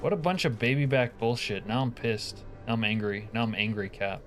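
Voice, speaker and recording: A man's voice: mid-range voice, fairly quick, a bit bright, faint music behind. A man live-streaming a game, chatting casually with his viewers, profane and joking, grumbling when things go wrong.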